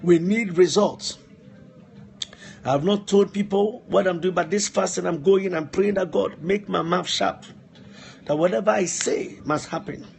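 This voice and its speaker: Male preacher, high voice, repeats lines hard for emphasis, faint room hum. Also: a little slow, vocal fry. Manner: repetitive, emphatic exhortation, asides to helpers. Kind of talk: live-streamed sermon.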